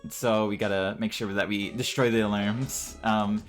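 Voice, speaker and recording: A man's voice: on the low side, level tone, moderate pace. A man streaming a video game and chatting casually about it, rambling a little as he goes. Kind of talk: casual gameplay commentary. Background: game music.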